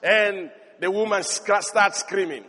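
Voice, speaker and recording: Man, preacher, very high voice, emphatic sermon, shouting peaks, long hall reverb. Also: a little slow. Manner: emphatic, rising to shouts, interjecting hallelujah.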